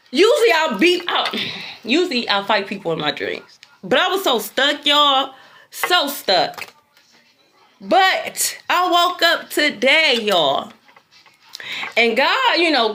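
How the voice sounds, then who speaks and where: A young adult woman telling a story casually to her viewers, animated and slangy, swearing freely and calling them y'all. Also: high-pitched, a little hiss or hum. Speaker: intuitive tarot reader.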